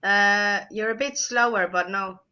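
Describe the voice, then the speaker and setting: Bright, emphatic woman on a lo-fi call. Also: mid-range voice, clear, resonant tone. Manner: emphatic, lively, quick to react. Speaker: co-host. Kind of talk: casual chat. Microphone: video call. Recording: dull lo-fi video call audio.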